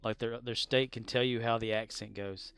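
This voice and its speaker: A man's voice: mid-range voice, fairly even intonation, moderate pace, vocal fry, fairly bright tone, clean tone. A young man streaming a game, chatting casually with his viewers in a rambling, joking way with some crude language. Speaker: livestreamer. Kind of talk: casual livestream chat while gaming.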